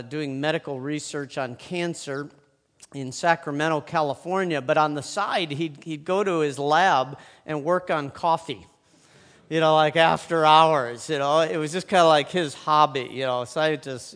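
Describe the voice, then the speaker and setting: A man's voice: a little high, a bit bright. A man speaking from a stage at a church event, telling a story in a chatty, joking way with plenty of fillers and restarts. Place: large hall, on a stage. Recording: long hall reverb.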